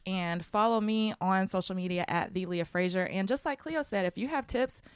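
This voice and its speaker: A woman's voice: mid-range voice, moderate pace, clean tone, dry recording. A woman hosting a podcast interview in casual chat, talkative and laughing often. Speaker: podcast host.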